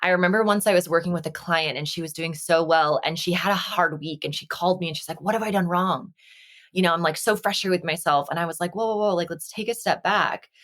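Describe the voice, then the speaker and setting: This podcast guest, an energy healer from Las Vegas, speaks quickly with hardly any pauses, in a fairly low, fairly bright voice with fairly even intonation. Chatting casually over a video call, she's reflective and earnest and acts out quoted dialogue.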